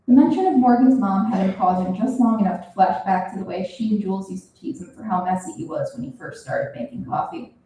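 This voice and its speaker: A young woman reading her own fiction aloud at a reading event, expressive and animated. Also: mid-range voice, a little fast. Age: young adult. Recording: roomy, from a distance.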